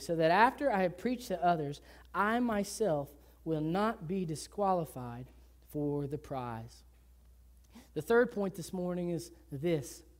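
A woman pastor preaching a sermon in a church, shifting from loud emphatic lines to hushed low ones and chatting with her listeners. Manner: conversational, acts out people in quick asides.

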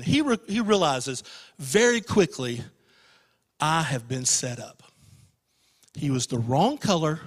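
A man preaching a sermon in a church, telling an emotional story and swinging from loud passages to hushed ones. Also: on the high side, big-room sound. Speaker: pastor.

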